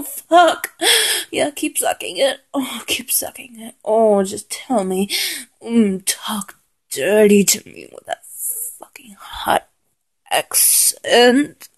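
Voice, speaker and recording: A woman performing an intimate adult audio role-play in a dominant voice, murmuring, moaning and half-whispering close to the mic. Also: fairly high pitch. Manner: dominant, breathy murmuring with frequent moans and half-whispered lines.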